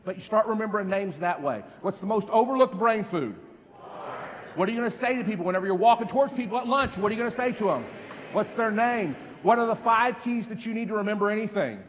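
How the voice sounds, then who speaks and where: A man in his fifties giving an energetic live stage demonstration as a memory trainer, quizzing the audience with repeated questions. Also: high voice, quick pace. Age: 50s. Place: large event hall. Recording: long hall reverb.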